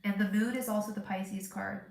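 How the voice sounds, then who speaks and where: A woman's voice: medium pitch, fairly even intonation, normal speed, creaky, darkish tone, roomy sound. A woman with a stuffed-up, congested voice giving a live tarot reading, chatty and thinking aloud with lots of fillers and restarts. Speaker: tarot reader.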